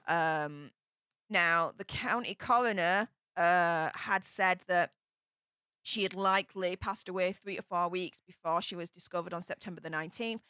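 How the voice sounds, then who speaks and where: A young Yorkshire woman talks casually on a live stream and reads out viewer comments, with lots of ums between thoughts. Her voice is bright and crisp. The recording is dry and close, with no room sound. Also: fairly low pitch, no echo. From England.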